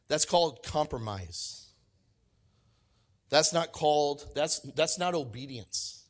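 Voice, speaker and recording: A man preaching a sermon, energetic and emphatic, swinging from loud exclamations to quiet asides and acting out quoted lines. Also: high voice, moderate pace. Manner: acts out quoted voices and jokes with the congregation. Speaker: pastor.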